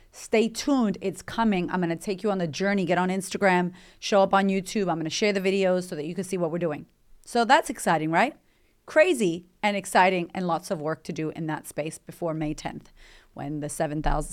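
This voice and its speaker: A woman, hosting a motivational podcast in a candid, emphatic, chatty way with swearing. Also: on the low side. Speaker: podcast host and coach.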